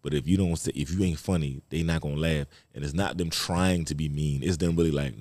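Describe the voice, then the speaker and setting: A man from Baltimore, a comedian guest telling stories in an animated, profane way on a casual podcast. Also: a bass voice, brisk, few pauses, no room sound. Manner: animated storyteller, profane, slips into quoted voices.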